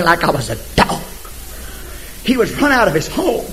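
A man preaching a sermon emphatically, swinging from hushed asides to shouted scripture. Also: high-pitched, huge pitch swings, normal speed, a little hiss or hum, poor audio.

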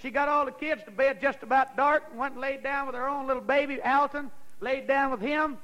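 Male preacher, very high voice, folksy storyteller turning fervent. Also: brisk, bright, forceful tone, poor audio. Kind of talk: sermon.

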